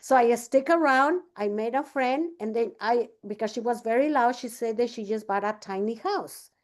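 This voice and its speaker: A woman's voice: on the high side, moderate pace. A woman coaching a business team in a casual talk, telling a story and acting out both sides of the conversation. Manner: chatty, many fillers and restarts.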